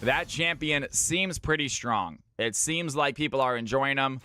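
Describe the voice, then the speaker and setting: A man's voice: mid-range voice, measured pace, bright, forceful tone, clear, resonant tone, no echo. A man from California hosting a live game stream, commentating picks and greeting viewers by name in an upbeat way. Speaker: streamer casting viewer games.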